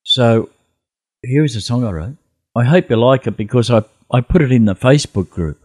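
A man's voice: mid-range voice, animated, normal speed, darkish tone, husky, no room sound, studio quality. A man co-hosting a casual Bible study, trading playful, joking banter.

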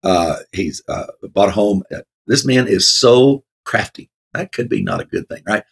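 A man's voice: fairly low pitch, animated, normal speed, breathy edge. A man co-hosting a casual Bible discussion, rambling with many fillers and frequent laughs. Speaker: co-host of a Bible talk show.

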